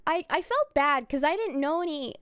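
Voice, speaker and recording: Young woman, casual streamer chat; high, smooth voice, close and dry. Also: animated, normal speed, fairly bright tone, dry recording. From United States. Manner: rambling, chatty, laughs and swears often. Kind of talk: casual chat, telling a travel story.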